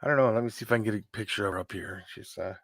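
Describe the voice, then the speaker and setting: A man's voice: fairly low pitch, racing, a bit bright, no room sound, clean studio sound. A man hosting a casual live-stream chat, rambling and talking to his viewers. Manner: rambling, keeps clearing his throat. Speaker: host of a live hangout stream.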